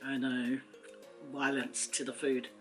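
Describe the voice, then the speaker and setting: A woman's voice: rumbling low, level tone, takes it slowly, soft background music. A woman with a Samoan accent chatting playfully to camera while eating, teasing her food and giggling. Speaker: mukbang vlogger. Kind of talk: casual eating chat to camera.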